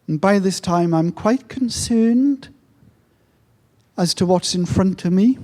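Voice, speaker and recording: A middle-aged man slowly telling a moving story at a gathering, with long pauses. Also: sits high, warm tone. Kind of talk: slow, reflective storytelling talk.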